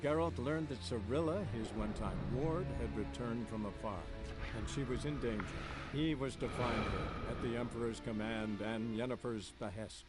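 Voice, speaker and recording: A man performing a formal game narrator tells the tale in measured, scripted lines. His voice sits mid-range. Loud music plays behind him. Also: medium pitch, close to an everyday voice. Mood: solemn. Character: measured adult male storyteller.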